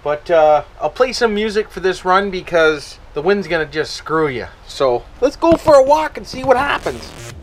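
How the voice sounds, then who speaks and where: Man, Canadian accent, folksy vlog chatter, high lively voice, heavy wind noise. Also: normal speed. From Ontario, Canada. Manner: folksy, tags lines with "eh" and "frig". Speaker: vlogger. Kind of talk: casual outdoor vlog chat. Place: outdoors by a river at a campground. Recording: loud wind noise on the mic.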